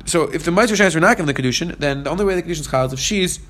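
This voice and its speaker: A man's voice: a little high, animated, racing, a bit bright, slight background noise. A man teaching a Talmud page, reading the Aramaic text and explaining it in English. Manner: reads Aramaic lines then explains in English. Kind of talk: fast Talmud study lesson.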